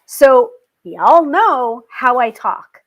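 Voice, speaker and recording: A woman hosting her own tarot show, chatting casually to viewers, animated and quick to laugh. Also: high voice, highs cut off. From family British. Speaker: tarot reader and show host.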